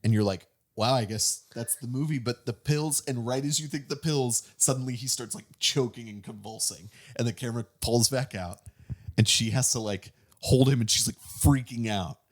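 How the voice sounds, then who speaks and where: A man hosting a casual movie review chat, excitedly recapping a plot with lots of fillers and restarts. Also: medium pitch, moderate pace. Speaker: movie review podcast host.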